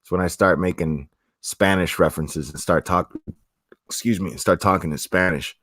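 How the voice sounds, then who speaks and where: Low-voiced man with a South Florida accent. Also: normal speed, fairly bright tone, no room sound, clean studio sound. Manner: rambling and profane, with many restarts. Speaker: streamer. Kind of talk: casual livestream chat, reading comments.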